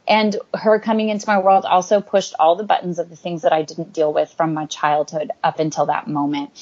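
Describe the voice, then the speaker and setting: A woman's voice: fairly low pitch, darkish tone. A woman, a guest author, sharing an earnest and rambling personal faith story in an interview, with many fillers. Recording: dull lo-fi recording.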